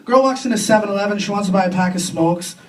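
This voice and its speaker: Young Canadian man, stand-up comic, high-pitched, crude self-deprecating jokes, distant mic, faint club noise. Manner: crude, self-deprecating punchlines with quick voiced impressions. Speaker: stand-up comedian. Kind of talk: stand-up comedy set. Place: comedy club stage with an audience.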